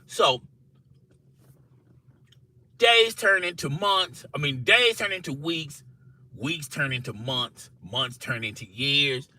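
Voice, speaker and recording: Animated man telling a workplace story. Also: a little high, slow, long pauses, rough recording. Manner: animated, repeats "you know" and "okay?". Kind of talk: casual story told to camera.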